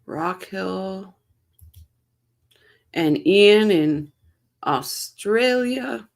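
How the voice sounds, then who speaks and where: Speaking extremely slowly yet animatedly, a Canadian woman with a medium-pitched voice and vocal fry hosts a livestream. She reacts casually to a live court stream and reads viewer comments aloud.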